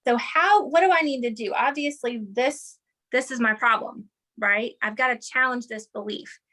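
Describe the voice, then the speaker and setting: Bright-voiced woman explaining with energy. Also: fairly high pitch, moderate pace. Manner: animated, teacherly, checks in with "right?" and "okay". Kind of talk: explanatory interview talk.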